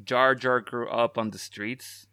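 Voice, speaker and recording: A man's voice: mid-range voice, fairly even intonation, slow, sharp tone, smooth, no echo, studio quality. A man co-hosting a podcast in casual chat, often stopping to recap in disbelief and laughing. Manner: interrupts to recap, incredulous and laughing. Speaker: podcast co-host.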